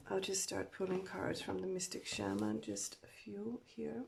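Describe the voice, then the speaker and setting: A tired woman doing a spiritual tarot love reading, her voice slow, unhurried and full of gravelly fry. She talks softly and hesitantly, with a slight shake and plenty of fillers. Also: mid-range voice, very animated, background noise. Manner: soft, shaky, hesitant with many fillers. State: tired, just woke up. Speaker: tarot card reader.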